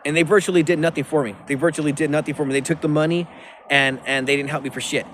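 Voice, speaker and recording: A man's voice: on the high side, steady tone, fast, a bit bright, slight background noise. A man rambling profanely into his phone outdoors by a river, with many restarts. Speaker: vlogger.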